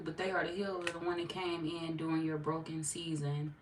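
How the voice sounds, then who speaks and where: A woman's voice: low voice, flat delivery, brisk. A woman giving a casual tarot reading straight to her viewers. She talks in a playful, slangy way and laughs often. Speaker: tarot reader. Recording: roomy echo, distant mic.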